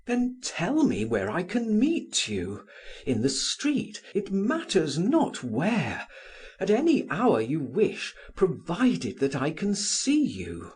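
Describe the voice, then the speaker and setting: A male narrator voicing a passionate young man who pleads in a raised, breathy voice. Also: high-pitched, wildly swooping pitch, slow pace, a little mellow, voice pushed up, full character voice. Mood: pleading.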